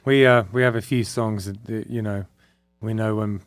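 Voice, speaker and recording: A male podcast host in a studio, telling anecdotes animatedly, with quick stammered restarts. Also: fairly low pitch, steady tone, clean tone, no room sound, faint music behind. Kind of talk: casual podcast chat. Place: radio studio.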